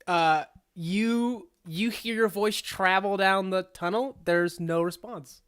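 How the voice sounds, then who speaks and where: A woman's voice: mid-range voice, takes it slowly, clear, resonant tone. A woman narrating a tabletop game as game master in a casual, rambling way, full of fillers and frequent laughter.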